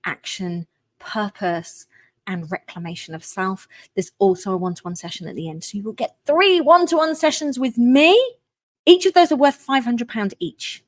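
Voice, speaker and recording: A woman coaching parents, pitching her program with gushing, emphatic enthusiasm. Her voice sits in a middle register and is recorded close and dry, with no room sound. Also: no room sound. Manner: enthusiastic and effusive, emphatic bursts.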